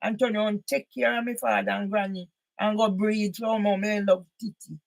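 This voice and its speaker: A woman, an author and campaigner, delivering an angry, confrontational monologue aimed at one person, breaking into loud emphatic bursts. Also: medium pitch, steady tone, normal speed, gravelly.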